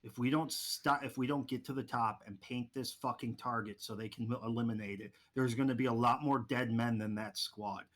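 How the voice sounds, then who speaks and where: A man playing a hard-nosed covert operative in a tabletop game, gruff and commanding, curt and profane, with a bright, forceful voice. He barks orders in short bursts. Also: medium pitch, fairly even intonation, normal speed, few pauses, close to an everyday voice.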